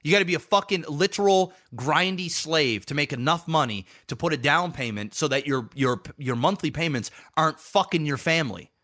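A man's voice: a little high, animated, brisk, few pauses, bright, forceful tone. A man co-hosting a podcast, ranting heatedly with lots of profanity in casual chat. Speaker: podcast co-host.

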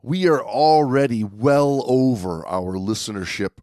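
A man's voice: medium pitch, unhurried, no room sound. A man with a mid-range voice hosts a podcast in casual chat. He is upbeat and often stumbles and restarts his sentences. The sound is dry and close to the mic. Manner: upbeat, stumbles and restarts, gives shout-outs. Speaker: podcast host.

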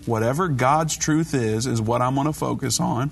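Brisk Christian call-in radio host man. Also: medium pitch, gravelly, slightly rough. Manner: brisk, conversational, preachy.

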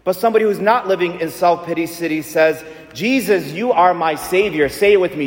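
A pastor with a high voice preaches a little fast, repeating points emphatically and drawing call-and-response from his congregation. The recording captures the echo of a large church hall.

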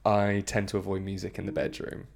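A woman speaking in a casual podcast chat, telling a story in a halting, wry way. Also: rumbling low, completely flat delivery, creaky, darkish tone.

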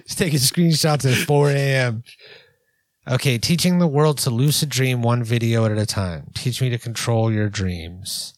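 A man talks casually over videos in a dry, close-sounding room. He is loose and sarcastic, with plenty of fillers. His pitch sits in a middle range. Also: unhurried, no room sound. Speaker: commentary host. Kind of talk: casual reaction commentary.

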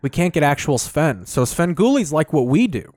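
A man's voice: a little high, very animated, moderate pace, a little mellow, no echo, clean studio sound. Profane joking man hosting a podcast. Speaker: podcast host. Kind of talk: casual chat.

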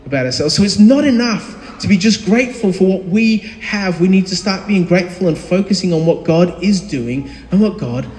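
A man in his thirties preaches a casual, conversational sermon, stopping often with ums and restarts. His voice sits high for a man. The sound carries long reverb from a large, echoey hall. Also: expressive, normal speed, few pauses, a little mellow. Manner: conversational, with frequent fillers and restarts. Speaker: pastor. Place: church hall.

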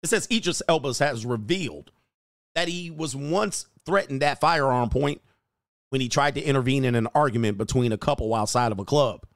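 A man's voice: medium pitch, normal speed, no room sound, studio quality. A man hosting a casual livestream, joking and reading news stories aloud in slangy talk. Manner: loud, joking, slangy, reads articles aloud. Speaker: livestream host.

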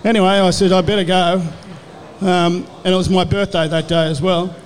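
A man's voice: high voice, little pitch movement, normal speed, long reverb tail. An older man with an Australian accent, a former rugby league player telling rambling anecdotes as a guest and acting out the back-and-forth of old conversations. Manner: rambling storyteller who acts out quoted exchanges.

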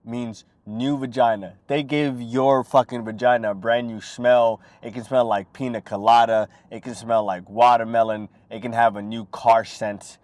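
A young man hosting his own talk show, rambling and swearing as he riffs, breaking into quick impressions. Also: medium pitch, no room sound. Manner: profane, rambling, animated impressions. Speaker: podcast host. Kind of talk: crude comedic monologue.

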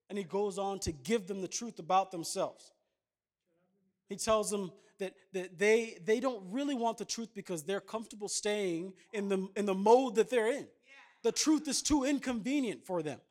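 A man in his thirties preaching a sermon, chatting with the congregation in asides and then building to emphatic points. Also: sits high. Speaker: pastor.

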